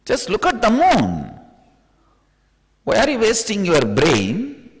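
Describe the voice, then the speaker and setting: A man's voice: sits high, wildly swooping pitch, takes it slowly, big-room sound, low-quality recording. A man from India with an Indian accent giving a playful spiritual discourse as a teacher, laughing often.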